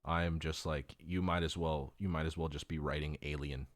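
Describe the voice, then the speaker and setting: Host, male, 30s, deep voice, casual and sweary, tight dry sound. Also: fairly even intonation, fairly quick, no room sound. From California. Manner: loose, swears often, laughs easily. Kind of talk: casual profane chat.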